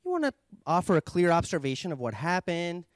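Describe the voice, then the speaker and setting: A communication trainer gives a measured, reflective talk, pausing often to let points settle. His voice sits fairly high for a man. The recording is close and dry, with no room echo. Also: very animated. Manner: measured, reflective, with thoughtful pauses. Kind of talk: invited talk.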